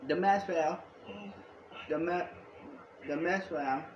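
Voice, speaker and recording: Excitable high-voiced man in an echoey room. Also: takes it slowly, highs cut off, a little hiss or hum. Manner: excitable, repetitive, jumps between topics. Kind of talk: rambling home video monologue.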